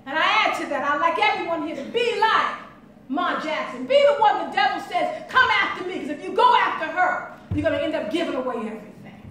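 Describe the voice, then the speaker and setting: Woman keynote speaker, high-voiced and impassioned, recorded off-mic in a roomy hall. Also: lively intonation, fairly quick, a bit bright, a little hiss or hum. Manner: storytelling, rising and falling intensity. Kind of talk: impassioned conference speech. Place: conference hall. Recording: echoey hall from far off.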